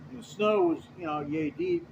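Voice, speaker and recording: A man's voice: sits high, moderate pace, vocal fry, dull audio, background noise. A man, a truck driver, telling a road story in a rambling, profane, casual way. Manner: rambling, profane, animated retelling.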